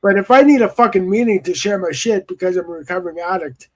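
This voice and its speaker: A man's voice: high voice, fast. A man on a casual live panel chat, candid and easygoing, swearing freely.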